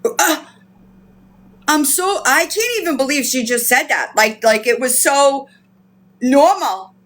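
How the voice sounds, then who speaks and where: A high-pitched woman hosts a live stream, her voice swinging widely as she rants. She swears freely and repeats her disbelief over and over. A faint hum runs under the recording. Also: expressive, slow pace, a bit bright. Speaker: livestream host. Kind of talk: heated live-stream commentary.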